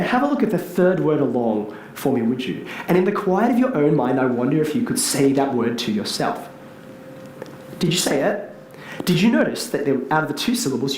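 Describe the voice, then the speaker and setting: Animated man speaking in hall. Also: on the high side, a little hiss or hum. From Australia. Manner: animated, asks the audience questions. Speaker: teacher giving a public talk. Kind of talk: public speech. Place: large hall with audience. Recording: echoey hall, faint ambience.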